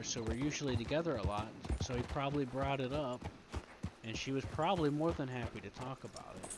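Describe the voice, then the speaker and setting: A man role-playing his character, ranting and swearing heavily about being wronged. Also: mid-range voice. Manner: ranting, heavy swearing, aggrieved. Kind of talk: in-character role-play chat. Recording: loud background noise.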